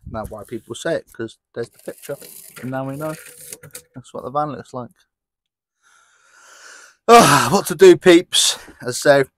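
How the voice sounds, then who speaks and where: A man's voice: lowish voice, no echo. A young man chatting casually to viewers in a travel vlog, rambling and joking. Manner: rambling, jokey, talks to viewers. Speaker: vlogger.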